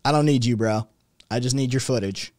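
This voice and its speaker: A man's voice: mid-range voice, fairly quick, darkish tone, dry recording. Sarcastic, swearing man in a dry room. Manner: profane, sarcastic, rambling with many fillers. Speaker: podcast host. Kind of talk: casual commentary chat.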